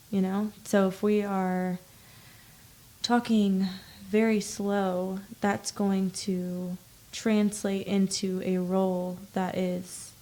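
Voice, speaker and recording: A woman's voice: medium pitch, vocal fry, dark tone. A young woman guest on a podcast, an actor, talking thoughtfully and agreeably, sometimes drawing her words out. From United States. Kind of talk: casual interview chat.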